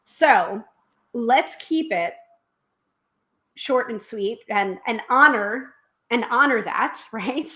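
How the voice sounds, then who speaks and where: A woman from the United States hosting a tarot live stream. She talks casually and quickly, with many filler ums, and reads viewer comments aloud. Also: on the high side, expressive, bright, forceful tone.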